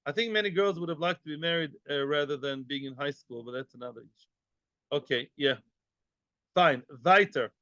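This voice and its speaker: A man's voice: a little high, bright, forceful tone, no room sound, lo-fi sound. A man teaching a Talmud class, joking and quizzing his students with questions as he goes.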